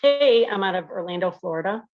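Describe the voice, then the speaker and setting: A woman's voice: medium pitch, lively intonation, fairly quick, muffled recording. A woman calling in to a live online talk, a nurse practitioner speaking earnestly. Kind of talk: call-in conversation.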